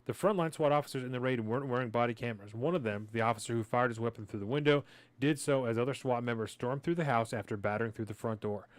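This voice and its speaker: A man's voice: mid-range voice, fast talker, dry recording. A man co-hosting a podcast, making sardonic remarks and reading a news article aloud. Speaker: podcast co-host.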